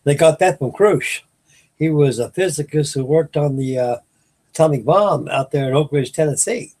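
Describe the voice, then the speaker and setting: Older husky-voiced man rambling. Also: fairly high pitch, normal speed, a little mellow. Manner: folksy, meandering, restarts sentences. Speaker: host of a live stream. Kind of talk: rambling casual chat to viewers. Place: home at night.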